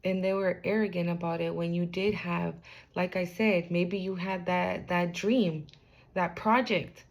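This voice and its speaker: A woman's voice: lowish voice, steady tone, unhurried. A young woman giving a casual spiritual card reading to the camera, talking in a loose, slangy way, swearing freely and speaking straight to the viewer.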